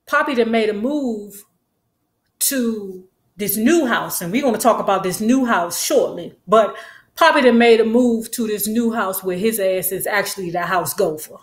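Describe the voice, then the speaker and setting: A woman giving a sassy, slangy, animated recap of a TV episode. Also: a little high, measured pace. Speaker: show recap host. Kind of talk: casual recap commentary. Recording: echoey room.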